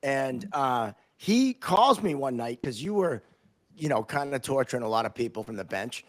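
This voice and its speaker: A man hosting a podcast, telling stories in an animated way and laughing often. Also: medium pitch, normal speed. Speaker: podcast host, former referee. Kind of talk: casual storytelling chat.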